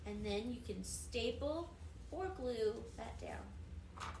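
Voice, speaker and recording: A woman teaching preschoolers in a high, bright voice, taking her time over every phrase. She keeps it sing-song and encouraging, like she is speaking to a room of three-year-olds. A faint hiss sits under her voice. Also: animated, slow, reverberant. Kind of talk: recorded lesson for young children.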